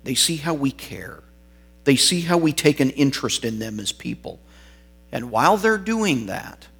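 A man's voice: medium pitch, fairly bright tone, husky. A male pastor preaching an expository sermon, reading and explaining scripture with varied emphasis.

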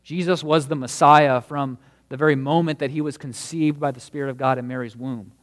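A man's voice: mid-range voice, fairly even intonation, a little fast. Pastor, man, mid-range voice, delivering an emphatic, earnest sermon in a reverberant church hall. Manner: earnest, emphatic preaching with stresses on key words.

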